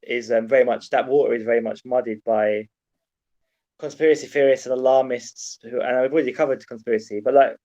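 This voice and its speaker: A man's voice: mid-range voice, steady tone, fairly quick, warm tone. A man in a middle register thinks aloud on a podcast, earnest and musing, often restarting his sentences. His voice comes through a dull, lo-fi mic. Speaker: podcast co-host. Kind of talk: casual philosophical chat.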